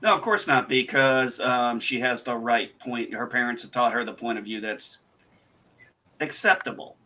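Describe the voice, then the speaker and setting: Host type: man, bright and punchy voice, animated storyteller who swears a lot and acts out quotes. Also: mid-range voice, normal speed. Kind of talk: casual livestream chat.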